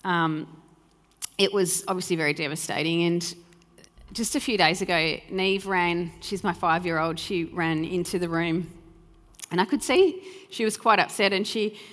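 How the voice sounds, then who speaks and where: A woman's voice: lowish voice, moderate pace. A woman in her thirties giving an earnest, heartfelt sermon as a pastor, sometimes acting out remembered conversations. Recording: reverberant hall with soft music.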